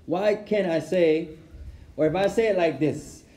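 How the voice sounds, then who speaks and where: High-voiced male teacher in an echoey room. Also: unhurried, dark tone. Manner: rhetorical questions, mixes Arabic phrases into English. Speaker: Islamic studies teacher. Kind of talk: classroom lesson. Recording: echoey room, faint ambience.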